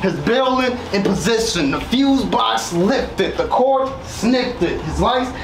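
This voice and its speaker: Male battle rapper, menacing and deliberate; noisy venue. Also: extremely high pitch, expressive. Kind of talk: battle rap verse. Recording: echoey venue, background noise.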